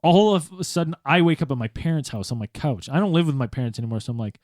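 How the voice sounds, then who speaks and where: Thirties guy hosting a podcast, lively storyteller doing little voices, dry close sound. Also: medium pitch, fast, dry recording. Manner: animated, acts out quoted voices, laughs often. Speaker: podcast host. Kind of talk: casual storytelling chat.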